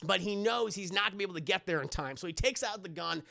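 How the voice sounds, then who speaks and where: A man recapping a horror movie in a casual live stream, animated, rambling and profane. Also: high voice, quick pace, creaky, dry recording, clean studio sound.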